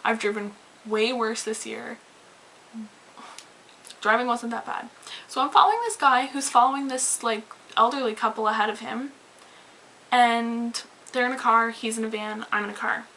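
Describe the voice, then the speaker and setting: Woman vlogger, bright higher voice, animated profane storytime rant, faint hiss. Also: moderate pace, long pauses, low-quality recording. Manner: animated, swearing, rambling with many "like"s. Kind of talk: casual storytime rant to camera.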